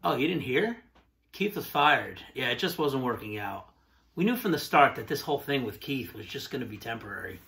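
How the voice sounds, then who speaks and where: Blunt, insulting male band exec, man plays him, deadpan delivery, bright tone. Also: medium pitch, a little fast. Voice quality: deadpan, cutting. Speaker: interviewer in a sketch. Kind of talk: satirical comedy sketch.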